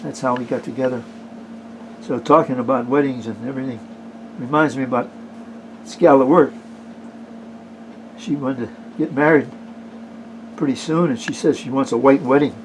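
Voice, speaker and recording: A man telling jokes in a folksy, unhurried way, pausing often with "uh". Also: medium pitch, fairly even intonation, a little hiss or hum, low-quality recording. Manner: folksy, unhurried, with frequent "uh" pauses. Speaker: amateur joke teller. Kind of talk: casual joke telling.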